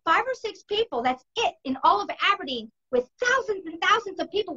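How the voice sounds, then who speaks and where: A woman's voice: very high-pitched, pushed and bright. A woman in her fifties hosting a talk, telling her own story vividly and with emphasis. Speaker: host. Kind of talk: casual storytelling in a conversation. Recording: dull lo-fi recording.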